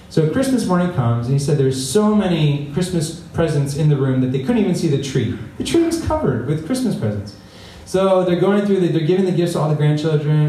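A man's voice: a little high, dark tone, a little hiss or hum. A man delivering a conversational sermon as a pastor, often checking in with the congregation by asking "right?". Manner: conversational preaching with frequent "right?" asides. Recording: echoey room, voice from a distance.

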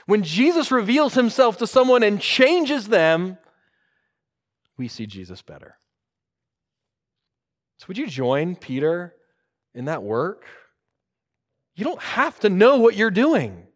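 Male preacher, lively delivery, slightly high voice, builds loud then goes hushed. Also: slow, pauses often. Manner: animated, swinging from loud emphasis to hushed, soft lines. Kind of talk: sermon.

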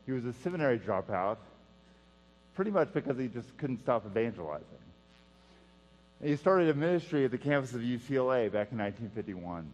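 A man preaching a sermon in an earnest style, repeating key phrases and dropping to a hush for emphasis. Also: medium pitch, sing-song, fairly quick. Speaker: pastor. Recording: dull sound with long hall reverb and mains hum.

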